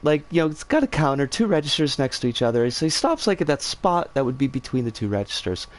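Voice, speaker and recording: A woman's voice: rumbling low, quick pace. Woman streamer telling a story, voice swoops up and down all over, swears a lot. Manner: animated, swearing freely.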